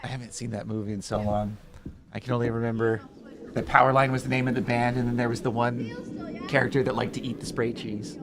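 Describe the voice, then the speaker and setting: A man co-commentating a curling match, breaking down shots with dry, deadpan asides. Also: medium pitch, brisk. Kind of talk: live sports commentary.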